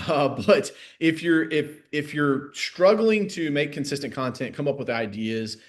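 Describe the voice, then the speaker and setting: A man, a sales coach, giving a casual live masterclass in a lively, filler-heavy way, jumping from loud bursts to low asides. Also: a little slow.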